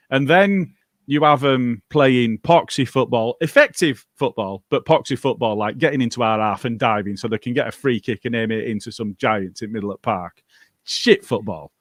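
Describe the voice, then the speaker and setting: A man's voice: mid-range voice, no echo, studio quality. A man co-hosting a football podcast, swearing freely and ranting with passion. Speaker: podcast co-host. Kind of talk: casual chat among mates.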